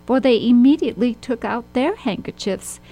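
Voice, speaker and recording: A woman narrating a children's storybook with a steady, expressive reading. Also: fairly high pitch, moderate pace, rough recording.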